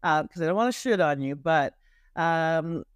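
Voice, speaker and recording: In a clean studio recording with no room sound, a middle-aged Canadian woman talks at normal speed in a low, smooth, expressive voice with a Canadian accent. She's a marketing coach in a podcast interview, speaking emphatically with restarts and repetitions.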